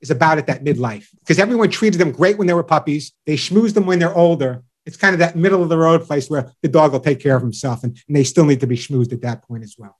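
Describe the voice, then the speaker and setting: Middle-aged man, pet expert guest; slightly high voice, animated storyteller. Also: fast, few pauses. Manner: animated storyteller acting out owners and dogs. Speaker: pet show radio host and dog trainer, guest. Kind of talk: enthusiastic interview chat.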